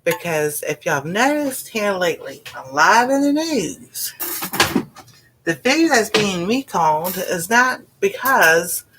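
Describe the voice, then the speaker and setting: A woman's voice: medium pitch, noisy background. A woman with a Southern US accent chatting casually on a livestream as host of a cooking channel. She rambles in a folksy way, says "y'all" and laughs often.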